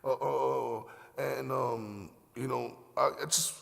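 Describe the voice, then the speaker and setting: Podcast host, young man, gravelly voice, slangy rambling storyteller, long reverb on the recording. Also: mid-range voice, fairly even intonation, slow pace. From Miami, Florida. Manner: slangy, profane, loose rambling with many fillers. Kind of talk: casual storytelling.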